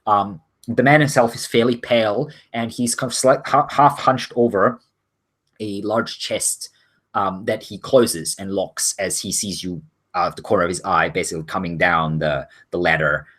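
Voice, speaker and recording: Casting: low, husky male game master, relaxed and halting. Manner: casual, many ums and self-corrections. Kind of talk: narrating a tabletop game.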